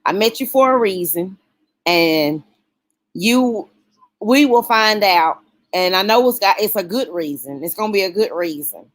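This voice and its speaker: A woman hosting a casual late-night livestream, talking warmly and emotionally with her viewers. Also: medium pitch, lively intonation, unhurried. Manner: emotional, folksy, talks straight to chat.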